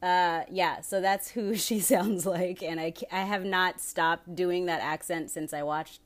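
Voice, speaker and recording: Young female podcast host, slightly low voice, casual, profane, tangent-prone. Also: unhurried, few pauses. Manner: rambling, profane, self-interrupting tangents. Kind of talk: casual solo podcast chat.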